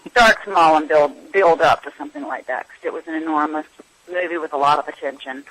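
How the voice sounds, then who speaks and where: A woman's voice: low-pitched, a little fast, fairly bright tone, rough recording. An actress being interviewed, reminiscing about her films and often trailing off as she searches for memories.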